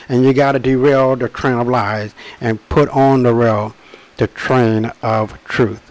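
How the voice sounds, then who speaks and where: A man speaks straight to his listeners in a rambling, forceful monologue, swearing freely and drawing out key words slowly. His voice sits in an ordinary middle pitch. The sound is close and dry, with no room echo. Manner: emphatic and profane, with many restarts and asides. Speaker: author presenting his book. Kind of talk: rambling direct-to-camera monologue.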